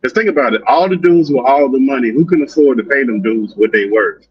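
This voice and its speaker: Over dull lo-fi remote audio, a man co-hosts a casual talk show in podcast-style chat. He speaks emphatically and complains, tacking "man" onto his sentences, in a mid-range, husky voice that moves fairly quickly.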